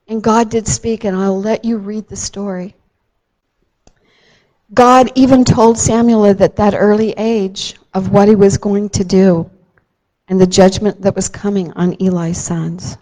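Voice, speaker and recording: Slow, gentle woman storyteller. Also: medium pitch, rough recording. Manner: gentle, slow, with dramatic emphasis. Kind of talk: telling a Bible story to a child.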